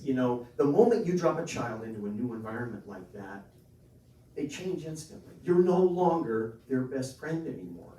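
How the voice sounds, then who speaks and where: A man performing a stand-up comedy set on a club stage, telling stories in an animated, jokey way. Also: mid-range voice. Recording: echoey room, distant mic.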